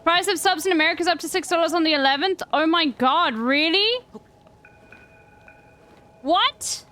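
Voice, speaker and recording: A woman's voice: very high voice, fast, sharp tone, faint music behind, rough recording. A young woman streaming a game, chatting crudely and jokingly with her viewers. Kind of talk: casual gameplay commentary.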